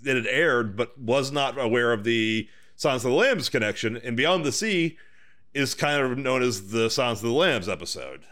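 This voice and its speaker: A man's voice: medium pitch, lively intonation, moderate pace, a bit bright. A man co-hosting a podcast, trading joking banter in casual chat. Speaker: podcast co-host.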